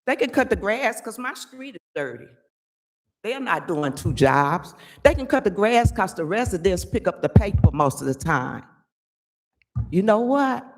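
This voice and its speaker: An older woman giving an angry, emphatic public comment at a village board meeting, often pausing to ask "okay?". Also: mid-range voice, very animated. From Chicago area.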